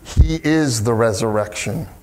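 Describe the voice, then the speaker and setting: A man preaching a sermon, reading scripture slowly and carefully, then stepping aside to explain it in a relaxed, conversational way. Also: medium pitch, slight background noise. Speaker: pastor.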